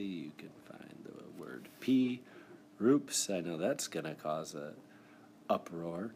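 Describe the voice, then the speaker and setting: A man with a very low voice walks young students through a spelling exercise on a screencast. His delivery is encouraging and methodical. A faint hiss sits under the recording. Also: lively intonation, slow pace, creaky, darkish tone. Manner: encouraging, explains step by step. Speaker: teacher. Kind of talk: classroom screencast lesson. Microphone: device mic for screen recording.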